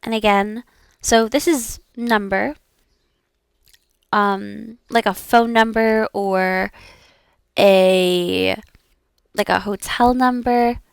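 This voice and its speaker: A woman's voice: medium pitch, steady tone, extremely slow, gravelly, long pauses, clear, resonant tone, dry recording, studio quality. A young woman learning languages, repeating practice words aloud and chatting casually with fillers.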